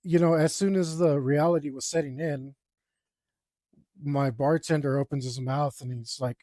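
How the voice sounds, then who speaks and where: A man's voice: medium pitch, fairly even intonation, fairly quick, dark tone, no room sound, clean studio sound. A young man, an artist, telling a story in a laid-back, rambling way with lots of ums while he draws. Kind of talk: casual storytelling while drawing.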